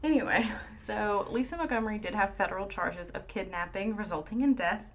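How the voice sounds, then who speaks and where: A woman's voice: mid-range voice, fairly quick. A woman co-hosting a podcast, telling a story in a casual, chatty way and laughing often. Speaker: podcast co-host. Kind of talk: casual chat.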